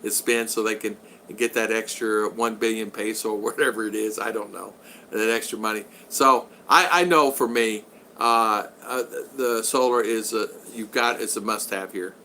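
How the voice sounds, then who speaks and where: A man's voice: on the low side, fairly even intonation, normal speed, bright, forceful tone, a little hiss or hum. An older man from Utah, casually chatting on a livestream from his home and answering viewer comments in an upbeat, rambling way. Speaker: livestream host. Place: home in the Philippines.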